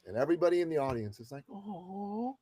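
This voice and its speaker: A man in his fifties from the Middle East, a guest telling a story in a casual, expressive way and swearing freely. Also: mid-range voice, moderate pace, slightly rough, dry recording. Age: 50s. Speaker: guest entrepreneur. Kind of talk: animated storytelling in conversation.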